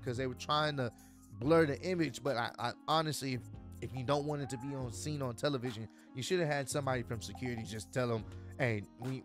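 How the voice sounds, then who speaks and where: An animated man talks through a recap in a casual, excited way, slipping into quoted voices now and then. His voice sits a little high for a man. The sound is dry and close, with soft music under it. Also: no echo. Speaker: wrestling commentary vlogger.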